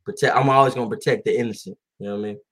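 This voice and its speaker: Laid-back young man, lowish voice. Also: steady tone, very fast, fairly bright tone. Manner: laid-back, laughs often, slangy storytelling. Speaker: podcast co-host. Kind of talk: casual chat.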